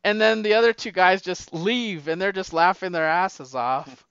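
A man casually retelling a movie plot, animated and acting out the characters' lines in raised voices. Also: high-pitched, normal speed, smooth, no echo, muffled recording.

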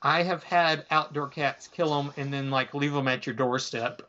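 A man's voice: on the high side, moderate pace, pushed and bright, slight background noise. A man casually retelling a comic book story, rambling with lots of fillers and acting out bits. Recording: dull lo-fi sound.

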